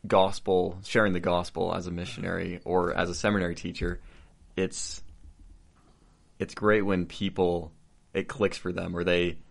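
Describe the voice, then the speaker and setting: A man's voice: low-pitched, vocal fry. A young adult man chatting as a guest, thoughtful and easygoing, often restarting his phrases. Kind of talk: casual conversation.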